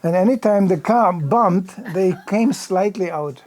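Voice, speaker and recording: A man's voice: high voice, unhurried. An older man giving a sermon in a temple hall, spinning a vivid anecdote. He talks loosely and conversationally, dotted with "you know", and acts out the bumps and noises he describes. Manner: lively anecdotal telling with many "you know" asides and acted-out sound effects. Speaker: visiting preacher. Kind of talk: storytelling sermon.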